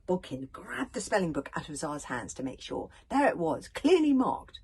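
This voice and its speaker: A woman reads a children's story aloud in a lower voice that swoops up and down with lively expression. She drops into hushed, playful asides between passages of the tale. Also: normal speed, breathy edge. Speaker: children's author reading her book aloud.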